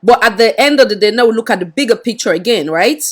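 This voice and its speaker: A woman with a Sierra Leonean accent, interviewing a guest with polite, measured pushback. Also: on the high side, animated.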